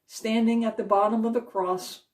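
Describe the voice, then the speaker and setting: A woman giving a Christian devotional talk, retelling a Bible story in an earnest way and slowing down to stress key moments. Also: a little high, steady tone. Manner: earnest retelling, slows for emphasis. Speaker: Christian speaker. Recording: voice a little distant from the mic.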